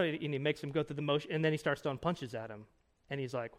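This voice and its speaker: A man in his thirties teaches a conference breakout like a pastor talking with friends. His delivery is casual and emphatic, his voice sits at an ordinary middle pitch, and he keeps checking in with his listeners. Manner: conversational, emphatic, quick asides and rhetorical "right?". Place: conference room.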